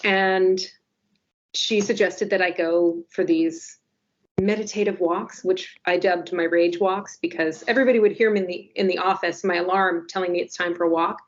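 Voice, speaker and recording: A woman's voice: lowish voice, fairly even intonation. Wry woman telling a self-mocking story. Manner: wry, self-deprecating storytelling with quick asides. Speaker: newspaper podcast co-host. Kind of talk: casual podcast chat. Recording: slightly dull lo-fi audio.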